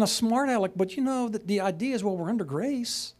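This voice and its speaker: A man's voice: sits high, brisk, a little mellow. A man teaching a sermon-style lesson, conversational and passionate, rising to emphatic peaks. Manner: conversational asides, chuckles.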